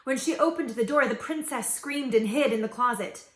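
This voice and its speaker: A woman's voice: fairly high pitch, moderate pace. Woman reading a fairy tale aloud. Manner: expressive, gentle storytelling. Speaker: storyteller. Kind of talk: children's story reading. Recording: echoey room.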